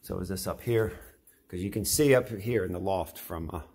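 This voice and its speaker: This middle-aged home builder speaks at a normal pace, his low voice carrying a darkish tone. He gives a folksy, eager house tour, casually calling attention to things as he passes them.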